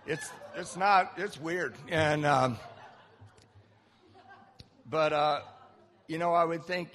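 A man sharing a candid, self-mocking recovery story to a group, with halting restarts. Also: fairly high pitch, fairly even intonation, fairly bright tone, in a large hall. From Southern California. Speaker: recovery speaker. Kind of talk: personal story talk.

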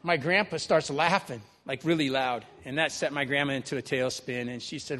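A man's voice: medium pitch, normal speed, pushed and bright, a little hiss or hum. A man telling a personal story to a live audience in a conversational way, often tagging on "right?". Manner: conversational, keeps adding "right?". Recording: long reverb of a large hall.

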